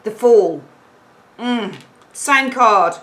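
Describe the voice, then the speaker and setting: A woman's voice: a little high, expressive, extremely slow, fairly bright tone, poor audio. Chatty woman reading tarot. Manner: chatty, emphatic, repeats points, acts out little quoted exchanges. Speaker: tarot reader. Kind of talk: casual tarot reading to camera.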